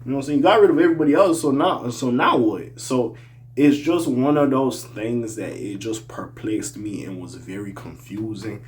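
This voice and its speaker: A young man giving casual hip-hop opinion commentary, animated, jumping between loud outbursts and mumbled asides, with a slight accent. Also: fairly low pitch, slight background noise. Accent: slight regional accent.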